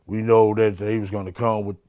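A man telling street stories in an interview, profane and animated, acting out the people he quotes. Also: lowish voice, fairly quick, smooth. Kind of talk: street storytelling.

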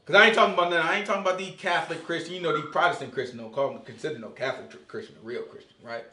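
Animated male Bible teacher, echoey room. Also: a little high, very fast. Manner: animated, quizzes listeners, acts out dialogue. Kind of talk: casual Bible study teaching.

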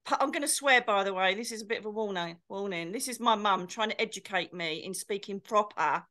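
A woman's voice: mid-range voice, fairly quick, sharp tone. A woman co-hosting a casual chat, telling stories animatedly and slipping into comic impressions. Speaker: co-host.

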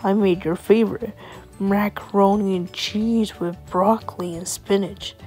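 A woman voicing a gentle but firm young father who coaxes and scolds his little daughter. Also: mid-range voice, fairly even intonation, unhurried, soft background music, natural voice, low-quality recording. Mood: coaxing. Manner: coaxing, scolding when needed.

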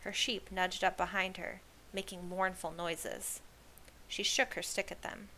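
A woman reading a children's novel aloud as host, with lively storytelling delivery. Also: on the low side, a little slow, a little hiss or hum.

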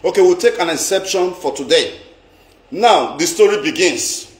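A man's voice: sits high, lively intonation, normal speed, reverberant. A middle-aged Nigerian man telling a story on a live stream, dramatic and chatty, slipping into pidgin and repeating himself.

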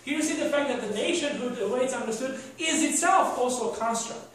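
A man's voice: very high-pitched, quick pace, fairly bright tone, a little hiss or hum. Male lecturer, rambling with rhetorical questions; very echoey hall recording, distant mic. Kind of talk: university lecture.

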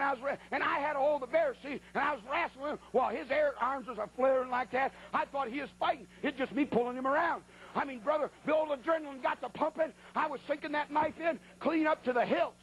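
A man preaching a sermon as a colloquial, animated story, acting out sounds and voices. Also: very high-pitched.

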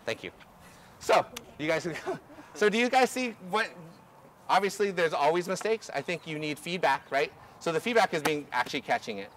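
A man coaching a group through drills outdoors, energetic and instructive, often checking in with "okay?". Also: on the high side, normal speed, a little hiss or hum. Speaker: ultimate coach. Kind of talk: outdoor coaching clinic demonstration. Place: outdoor field.

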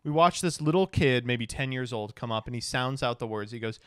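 Casual, swearing young man with a smooth, clear voice, dry close sound. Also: medium pitch, brisk, few pauses, no room sound. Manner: rambling, profane, joking. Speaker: law student and streamer. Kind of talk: casual storytelling recap.

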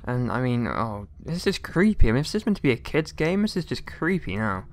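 A man's voice: medium pitch, sing-song, fairly quick. Rambling, jokey male gamer commentating. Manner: rambling, jokey, mock-outraged asides with mild swearing. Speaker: let's play gamer. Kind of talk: casual gameplay commentary.

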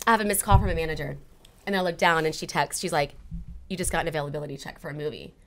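A woman's voice: low voice, steady tone, very fast, gravelly. A woman guest in a casual interview, animatedly telling a personal story and acting out her own past conversations.

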